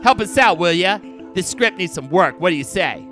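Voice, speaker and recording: Brash, abusive film director in a video game , a man putting him on, high and bright, pitch swinging wildly. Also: lively intonation, normal speed, over music. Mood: rude. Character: abrasive male film director, crude and arrogant.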